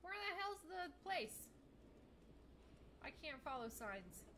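There's slight background noise as a young woman streams gameplay, commenting casually, swearing often, and reading chat aloud. Her high-pitched voice is very animated, pushed and bright, but she speaks slowly.

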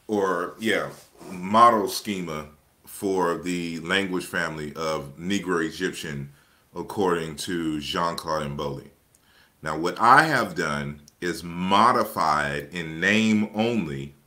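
Male lecturer, low voice, unhurried delivery, explains slides step by step with many pauses. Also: sharp tone. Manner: measured, explanatory, with frequent pauses and restarts. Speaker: lecturer presenting his book.

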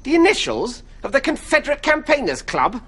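A man doing an indignant Southern gentleman. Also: extremely high pitch, huge pitch swings, a little fast, breathy edge, full character voice. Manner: indignant, pompous. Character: pompous male Southern US club leader. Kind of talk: sketch comedy.

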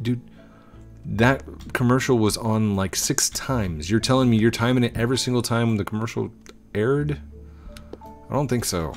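A man's voice: medium pitch, normal speed, faint music behind. A man hosting a gaming video, rambling and joking with other players in casual commentary.

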